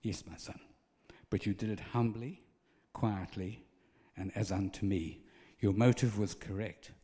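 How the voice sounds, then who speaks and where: A man acting out a gentle, kindly man who reviews good deeds, in a reverberant church hall. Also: on the low side, fairly even intonation, measured pace, lightly acted. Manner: gentle, matter-of-fact.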